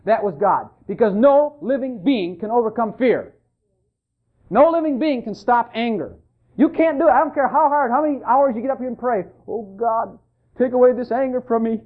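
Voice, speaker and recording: An emphatic preacher drives a church sermon along, repeating lines and calling out to the listeners. The voice rises and falls with a lively, swinging pitch. It comes through a narrow, tinny recording that sounds like a phone line. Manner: fervent, emphatic, repeats phrases and calls out to the congregation.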